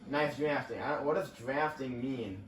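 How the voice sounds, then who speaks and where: A young man with a mid-range voice at normal speed casually chats through a racing game for his channel, reacting to the action as it comes. The recording has a little hiss or hum, with faint ambience from a roomy, distant mic.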